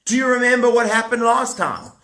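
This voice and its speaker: A man in his thirties telling a puppet story to children at home, animated and asking the kids questions as he goes. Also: extremely high pitch, brisk, roomy sound.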